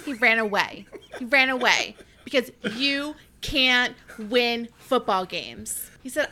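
A woman's voice: a little high, lively intonation, slow pace, sharp tone. A woman playing a tabletop role-playing game, trading hammy, heated insults in character. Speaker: player.

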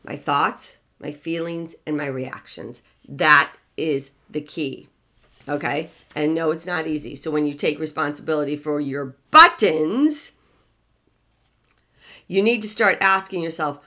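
A middle-aged woman with a somewhat low voice hosts a relationship podcast. She talks in a motivational, preachy manner. She is emphatic and repeats key phrases for weight. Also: a little slow, pushed and bright.

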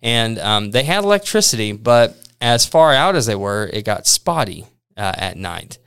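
Man, preacher type, easygoing storyteller, clear resonant tone, pokes fun at himself. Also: on the low side, moderate pace. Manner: animated, self-deprecating, laughs often. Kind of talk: casual storytelling.

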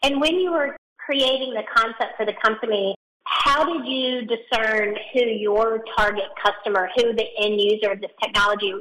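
A woman's voice: a little high, moderate pace, sharp tone, slight background noise, poor audio. A woman from Virginia, co-hosting a podcast, asking curious and friendly interview questions. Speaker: podcast co-host.

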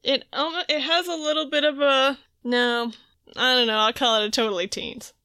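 A woman co-hosting a casual podcast, giggling as she recaps a comic and reads its lines in quick put-on voices. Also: high-pitched, steady tone, sharp tone, clean tone, no room sound, studio quality. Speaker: podcast co-host.

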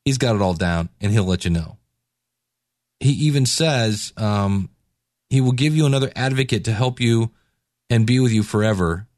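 Laid-back man with a low voice. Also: moderate pace, a little mellow, no room sound, studio quality. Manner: laid-back and conversational, with slangy asides. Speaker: podcast host. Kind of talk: casual devotional talk.

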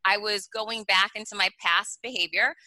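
A woman's voice: mid-range voice, fairly even intonation, normal speed, bright, forceful tone, no echo, poor audio. A woman in her forties, a guest author on an interview podcast, telling stories animatedly and slipping into sing-song baby talk to act them out.

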